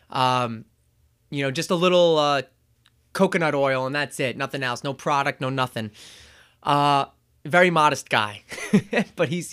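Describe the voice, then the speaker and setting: A man's voice: on the high side, sharp tone. A man hosting a podcast, recapping a movie in casual chat, rambling with chuckles and acting out quotes. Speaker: podcast host.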